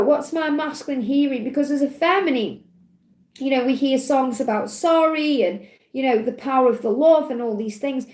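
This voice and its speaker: A woman's voice: high-pitched, darkish tone, roomy sound. A woman giving an earnest, emotional live tarot reading, often saying "you know" and "okay". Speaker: tarot reader. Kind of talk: live-streamed spiritual card reading.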